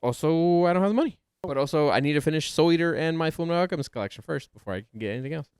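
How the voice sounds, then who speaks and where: A man co-hosting a podcast, chatting casually and getting excited in high bursts. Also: racing, clean tone, no room sound. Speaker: podcast co-host. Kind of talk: casual chat about anime and manga.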